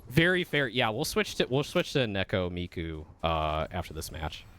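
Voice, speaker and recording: Lively low-voiced male game streamer. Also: unhurried, slight background noise. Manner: swears often and gets heated, apologetic after; chatty, rambling asides with many fillers. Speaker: vtuber streamer. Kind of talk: casual gaming stream chat.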